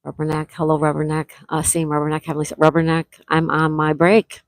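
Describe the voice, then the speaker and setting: A woman's voice: low voice, monotone, a little fast, dry recording, low-quality recording. A middle-aged woman from Florida hosting a casual livestream, chatting and reading viewers' comments aloud, greeting each by name. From Florida, USA. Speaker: livestream host.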